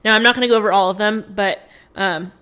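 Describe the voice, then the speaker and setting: A woman's voice: mid-range voice, steady tone, fast, a bit bright. A woman co-hosting a casual podcast, sharing news stories in a chatty way with plenty of fillers. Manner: chatty, reads from notes with fillers. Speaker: podcast co-host.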